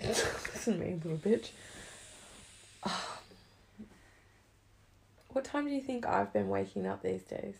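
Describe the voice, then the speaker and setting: A young woman, chatting casually, swearing a lot and swinging between loud outbursts and low mutters. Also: wildly swooping pitch, takes it slowly, creaky, long pauses, slight background noise. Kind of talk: casual chat.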